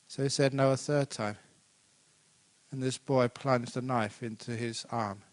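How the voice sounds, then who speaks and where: A man teaches as a Buddhist monk in a relaxed, conversational dharma talk. He tells stories with animation and briefly puts on other people's voices. His voice sits in a middle register. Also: mid-range voice, moderate pace. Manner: conversational, animated storytelling, acts out quoted voices.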